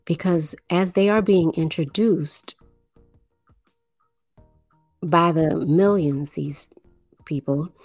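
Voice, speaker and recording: A woman from the New Orleans area giving a slow explanatory monologue, with deliberate, drawn-out phrasing and pauses. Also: low-pitched, a little mellow, husky, no echo, faint music behind.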